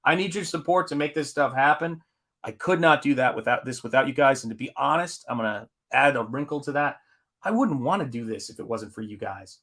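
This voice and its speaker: A man's voice: mid-range voice, a little fast, a bit bright. A man hosting his own live stream as a comic artist. He chats casually and rambles, reading viewers' comments aloud with lots of fillers.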